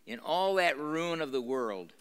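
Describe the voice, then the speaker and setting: A man's voice: on the high side, animated, unhurried, a bit bright, clean tone. An older man, a pastor, reading a novel aloud to a live audience in a university room and stopping to explain, with dramatic emphasis and frequent fillers and restarts. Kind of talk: live lecture reading with commentary.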